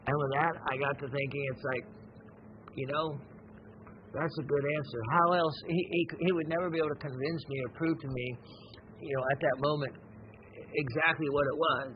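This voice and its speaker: A man hosting a gem and mineral show, talking in a slow, rambling, reflective way with many pauses and fillers. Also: fairly high pitch, fairly even intonation, muffled recording, a little hiss or hum. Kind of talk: unscripted educational show talk.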